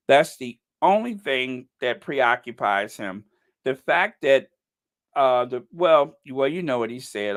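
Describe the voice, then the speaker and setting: A man's voice: medium pitch, a bit bright. A man hosting a commentary channel, ranting in a sarcastic, rambling and mocking way. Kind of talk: casual commentary rant.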